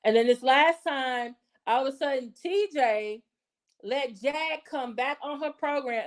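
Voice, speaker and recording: A woman with a slightly high voice gives casual commentary on her channel. She talks emphatically, keeps checking in with her listeners, and acts out the voices she quotes. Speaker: channel host.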